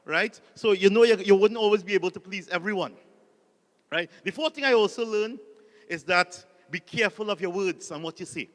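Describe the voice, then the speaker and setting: A man with a Trinidadian accent speaks fairly quickly in a high-pitched voice, with a long reverb tail. He is a Catholic priest giving a humorous motivational talk, telling jokey stories and calling on the audience to repeat lines back to him.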